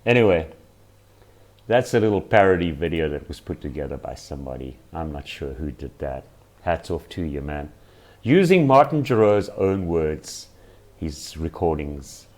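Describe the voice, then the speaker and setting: Man, extremely low voice, rambling commentary, exasperated tone. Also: lively intonation, normal speed, a little mellow. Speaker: channel host. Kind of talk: casual commentary.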